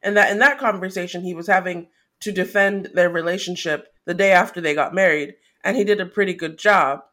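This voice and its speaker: A podcast co-host with a fairly low, fairly bright voice talks at a brisk clip. Her casual recap chat is analytical, with some hesitant fillers along the way.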